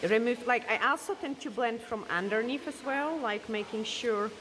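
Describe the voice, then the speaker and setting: A woman's voice: on the high side, normal speed, crowd noise. A woman, a nail technician, casually talking through a nail tutorial step by step as she works. She is losing her voice, and Polish is her first language. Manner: chatty, explains steps as she works. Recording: background noise from a hair dryer.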